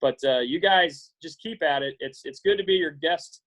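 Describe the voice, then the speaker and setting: A man in his forties from Iowa, giving an earnest, halting pep talk to students on a video call, with many fillers and restarts. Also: on the high side, a bit bright, rough recording. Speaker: guest speaker.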